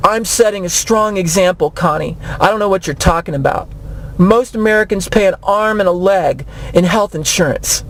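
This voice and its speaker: A woman's voice: medium pitch, natural voice, poor audio. Woman doing a brash blustering governor. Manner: boastful, defensive, bullying. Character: brash, gluttonous, blustering male state governor. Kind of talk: comedy radio sketch impression.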